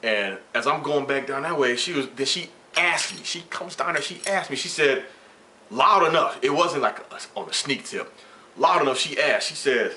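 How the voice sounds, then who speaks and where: A man's voice: medium pitch, normal speed, slight background noise. A man vlogging, casually retelling a workplace story with slang and swearing and acting out the dialogue. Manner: animated, slangy, profane retelling with quoted dialogue.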